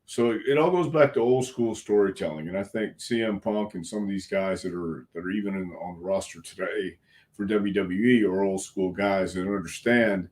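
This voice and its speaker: Low-voiced older man telling stories. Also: normal speed, darkish tone. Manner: frank, folksy, earnest, with some cussing. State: clearing a frog in his throat. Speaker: wrestling coach, interview guest. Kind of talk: casual storytelling interview.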